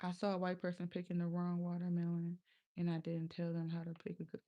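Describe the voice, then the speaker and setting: A woman's voice: fairly low pitch, steady tone, fast. A young adult woman talking casually and bluntly on a livestream, often profane and laughing. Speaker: live streamer.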